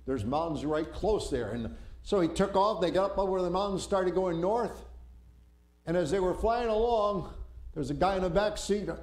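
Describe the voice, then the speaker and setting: A man preaching a sermon, telling a story in an animated way and acting out panicked voices. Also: high-pitched, moderate pace. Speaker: pastor. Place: church sanctuary. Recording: roomy church echo.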